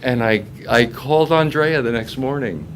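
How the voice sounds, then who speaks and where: A man's voice: medium pitch, moderate pace, a little hiss or hum. An older man, a voice actor, telling a long story in a convention interview and acting out the people he quotes. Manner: animated storyteller who acts out quoted voices. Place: convention press room.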